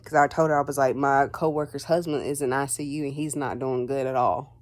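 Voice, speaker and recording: A woman's voice: a bass voice, fairly even intonation, fairly quick. A woman vlogger telling a personal story in a casual, rambling way. She fills her talk with "like" and "um" and acts out conversations in quotes. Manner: rambling, heavy on fillers like "like" and "um".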